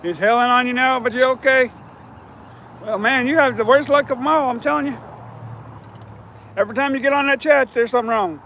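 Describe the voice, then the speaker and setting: A man hosting a fishing livestream outdoors on a riverbank, chatting casually in a hoarse, scratchy voice and rambling as he repeats himself. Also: very high voice, a little fast, long pauses, sharp tone. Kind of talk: casual live-stream chat.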